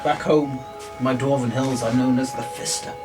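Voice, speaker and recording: A man doing a gruff terse dwarf. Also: medium pitch, fairly even intonation, moderate pace, pitched below the performer's own voice, close to an everyday voice. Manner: grunting, terse. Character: gruff dwarf man, a brawler of few words. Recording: distant mic with loud music.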